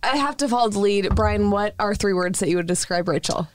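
A woman's voice: mid-range voice, expressive, fairly quick, a little hiss or hum. Woman, Midwestern accent, podcast co-host, playful, bouncy intonation. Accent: Midwestern American. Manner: playful, teasing, laughs easily. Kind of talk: casual chat. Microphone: studio microphone.

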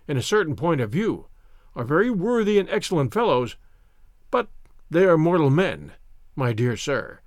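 A man's voice: fairly high pitch, dry recording, clean studio sound. A man voicing a boisterous, crafty old male ex-grenadier in an audiobook, with an exclamatory, grandiose manner. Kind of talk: audiobook character voice.

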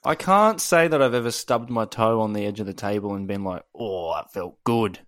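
A man's voice: fairly low pitch, lively intonation, fairly quick, fairly bright tone, dry recording. A man co-hosting a podcast, telling wry anecdotes and swearing in casual chat. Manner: dry, wry storytelling with swearing. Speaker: podcast co-host. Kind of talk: casual chat reacting to a song.

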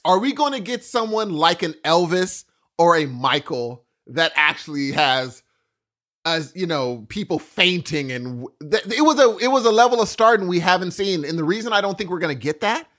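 A man co-hosting a podcast in casual chat, animated, often cutting in and restarting his sentences. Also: sits high. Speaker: podcast co-host.

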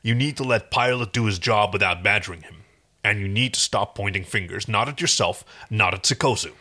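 A man voicing a gruff, loyal alien warrior man, speaking low and steady. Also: brisk.

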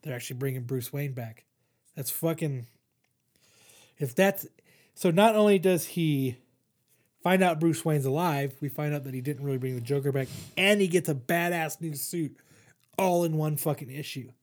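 Rambling, profane man with a higher voice. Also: normal speed, darkish tone. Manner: rambling, profane, lots of fillers and restarts. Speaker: podcast host reviewing comics. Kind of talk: casual chat.

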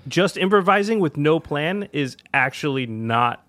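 A man's voice: on the high side, lively intonation, measured pace, a bit bright, no room sound. A man co-hosting a podcast in casual chat, talking in a reflective, self-critical way. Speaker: podcast co-host.

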